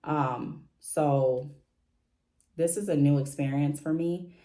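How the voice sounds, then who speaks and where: A woman's voice: low voice, slow pace, mellow. A woman chatting casually in a home vlog, rambling a little with fillers and restarts as she talks through her picks. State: briefly out of breath after stairs. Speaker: vlogger.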